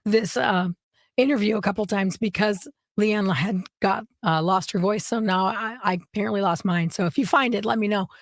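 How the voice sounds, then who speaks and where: A woman co-hosting a podcast with a hoarse voice. She gushes and giggles as she chats, and the sound is dry and close. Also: mid-range voice, normal speed, no echo. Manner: gushing and giggly. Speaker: radio podcast co-host. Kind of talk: casual chat.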